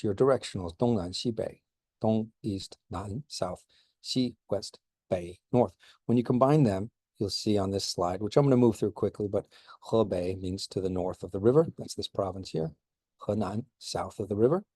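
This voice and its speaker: A middle-aged man talks through a slideshow as a history lecturer, in a low, mellow voice. He is informal and keeps stopping to restart with fillers. The sound is close and dry, with no room around it. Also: moderate pace, no echo.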